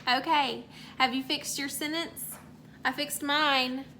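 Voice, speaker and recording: Woman teacher, high bright voice, slow careful sounding-out for small kids, light background hum. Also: fairly even intonation. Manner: slow, clear sounding-out of words; encouraging praise after each answer. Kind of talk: remote phonics lesson for young children.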